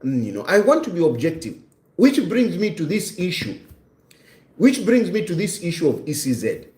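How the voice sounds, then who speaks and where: A man's voice: a little high, wildly swooping pitch, moderate pace, darkish tone, roomy sound. A man in his fifties hosting a live stream, talking in an earnest, reflective way and often repeating his phrases. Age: 50s. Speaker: livestream host.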